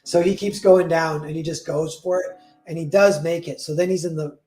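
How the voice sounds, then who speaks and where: A man's voice: a little high, fairly even intonation, moderate pace, mellow, soft background music. A man casually retelling a fairy tale, rambling with lots of "like" and correcting himself as he goes. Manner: rambling, full of "like" and self-corrections. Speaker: storyteller.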